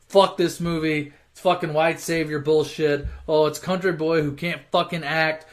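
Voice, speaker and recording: A man with a high-pitched voice recaps a car movie series as a casual, profane rant. He swears nonstop and sneers at the plots. Now and then he bursts into shouted, put-on character voices. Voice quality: swears constantly, mocks and rants.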